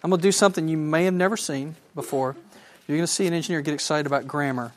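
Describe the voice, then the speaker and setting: A man teaching a Bible lesson, enthusiastic and animated, asking his listeners questions. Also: fairly high pitch, rapid-fire. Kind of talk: sermon.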